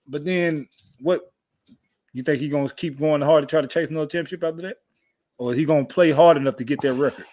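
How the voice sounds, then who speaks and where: A man in his thirties talks sports loosely on a podcast, bragging and trash-talking. He says his points again and again. His voice sits a bit high for a man. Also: fast talker, a little mellow. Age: 30s. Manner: boastful, trash-talking, repeats himself. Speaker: podcast co-host. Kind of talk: casual sports chat.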